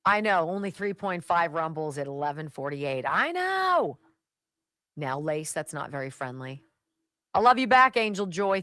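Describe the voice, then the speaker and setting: A woman's voice: fairly low pitch, fairly bright tone, no room sound. A woman hosting a talk radio show, giving sarcastic political commentary and chatting with her live audience. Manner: sarcastic and chatty, drops to asides.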